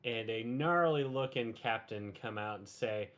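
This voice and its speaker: A man's voice: fairly low pitch, unhurried, a bit bright. A man narrating as game master of a tabletop game, laid-back and laughing often. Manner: laid-back, laughs often, slips into gruff character voices.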